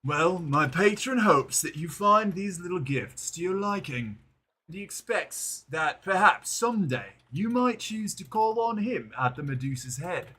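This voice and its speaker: A man's voice: high voice, expressive, unhurried, sharp tone, breathy edge, voice pushed up, full character voice. A man voicing a courteous, overly polite male envoy who speaks formally for his patron, in a video game reading.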